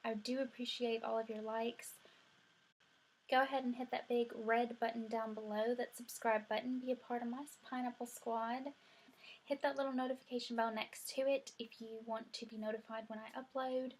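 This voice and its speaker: A young woman from the American South talks her viewers through a makeup look in a loose, rambling way. Her voice sits a little high and slightly husky, with a fairly even, flat melody. She sprinkles "y'all" everywhere. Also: normal speed. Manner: chatty, rambling, says "y'all" often. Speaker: beauty vlogger. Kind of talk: chatty get-ready-with-me makeup tutorial.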